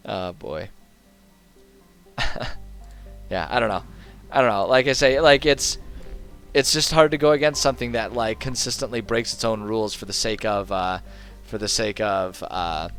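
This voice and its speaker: Brief: a low-voiced male streamer, casual and snarky, talking back to a game over quiet music. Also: a little slow, pauses often. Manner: sarcastic, heckles game characters. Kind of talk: casual gameplay commentary. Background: faint game music.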